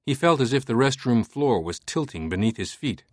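Give me a man doing measured audiobook narration, mid-pitched, with dry close sound. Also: animated, dry recording. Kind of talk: scripted narration.

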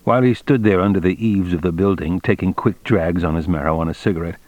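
A man narrating an audiobook in a measured, expressive reading style. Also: deep voice, no echo, lo-fi sound. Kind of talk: scripted narration.

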